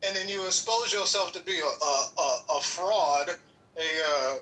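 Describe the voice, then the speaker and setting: A man's voice: on the high side, unhurried, sharp tone, distant mic, rough recording. A man co-hosting a casual chat show, talking animatedly and stumbling over restarts. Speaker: co-host.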